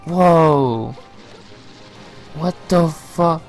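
A young man reacting live to a game presentation, gasping, shouting and swearing in surprise. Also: mid-range voice, measured pace, faint music behind. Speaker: reaction streamer.

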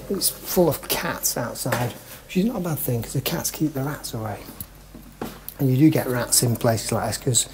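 A travel vlogger with a Manchester accent and a mid-range voice reviews a hotel, chatting through a casual walkthrough of a small room and stairwell. He adds jokey, wry asides, and there's noise in the background.

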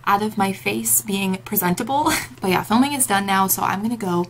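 A woman's voice: medium pitch, brisk, slight background noise. A young woman chatting casually in a reading vlog from home, giggly and gushing, on a camera mic. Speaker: book vlogger.

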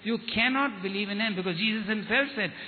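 A man with a high voice preaches a testimony, telling stories with quoted dialogue and often repeating words. The sound is thin and phone-like, with a long reverb tail from a hall and faint noise underneath. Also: quick pace. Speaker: evangelist. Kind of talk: testimony sermon.

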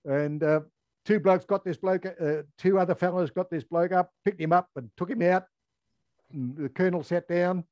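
An older Australian man, a former air force firefighter, telling a story in an interview, halting with many ums and restarts. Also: sits high, fairly even intonation, darkish tone, no echo, highs cut off.

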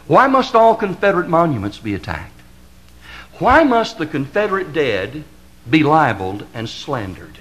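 A man's voice: a little high, sing-song, a bit bright, low-quality recording. Fiery Southern-drawled preacher man. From American South. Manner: impassioned, building to emphatic crescendos; repetitive rhetorical cadence with drawn-out stresses. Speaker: pastor.

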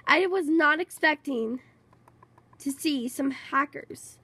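A woman giving casual gameplay commentary, excitable and rambling, repeating herself a lot. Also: high-pitched, takes it slowly, pauses often, no echo. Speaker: gaming channel host.

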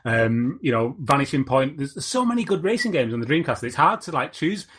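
Husky-voiced man chatting. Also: mid-range voice, sing-song, fairly quick, fairly bright tone. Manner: rambling, searching for words. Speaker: podcast co-host. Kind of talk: casual chat.

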